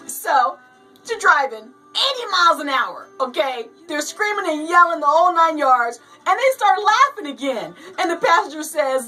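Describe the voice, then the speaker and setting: Host, female, high and lively, reads jokes with put-on voices, off-mic with faint music. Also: moderate pace, distant mic, rough recording. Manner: animated, laughs often, acts out voices while reading. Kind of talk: casual show talk and joke reading.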